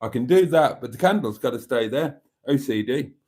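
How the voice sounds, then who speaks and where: A man's voice: mid-range voice, expressive, normal speed, a little mellow, husky. A man hosting a live stream, reading out viewer comments with wry, self-mocking asides. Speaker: channel host.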